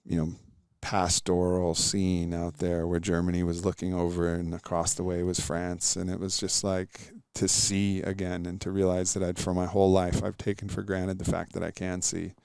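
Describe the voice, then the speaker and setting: Deep creaky-voiced man, reflective guest. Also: completely flat delivery, normal speed, few pauses, a little mellow, no echo, studio quality. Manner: reflective, earnest storytelling. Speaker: podcast guest. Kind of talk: casual interview chat.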